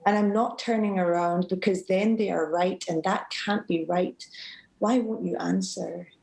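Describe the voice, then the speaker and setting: Woman, student poet, poetry reading, dark mellow tone, measured and emotive. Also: lowish voice, fairly even intonation, vocal fry, rough recording. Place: live event venue.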